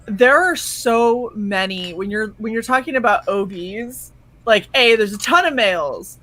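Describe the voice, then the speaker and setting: Young woman host, really bright voice, blunt animated storytelling, swears a lot. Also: on the high side, measured pace, no echo. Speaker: stream co-host. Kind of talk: casual group chat.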